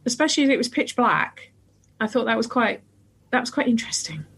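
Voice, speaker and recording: A woman's voice: on the high side, lively intonation, a little fast, gravelly, fairly bright tone, husky. A woman hosting a podcast and chatting casually, often restarting her sentences. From northern England. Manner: chatty, many restarts and fillers. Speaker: podcast host. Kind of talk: casual chat.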